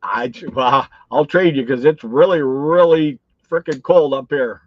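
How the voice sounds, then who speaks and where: A middle-aged man with a Canadian accent hosts a casual live stream, blunt and grumbly. His voice is husky and sits at an ordinary pitch. The sound is dry and a bit dull, like cheap lo-fi gear. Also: unhurried, no room sound. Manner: blunt, grumbles about the weather. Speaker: host of a card-breaking live stream.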